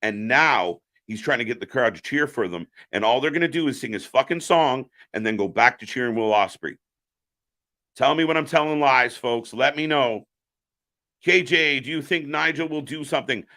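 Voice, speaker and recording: A man's voice: mid-range voice, animated, normal speed, bright, forceful tone. A man hosting a live reaction stream, giving opinionated, profane commentary.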